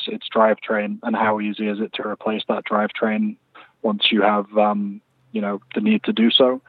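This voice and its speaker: Guest expert, British man, lowish voice, thoughtful and halting, phone-line sound. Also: no echo. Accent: British English. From England. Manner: thoughtful, with many fillers and restarts. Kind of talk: interview answers over a remote line. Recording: tinny phone-quality line.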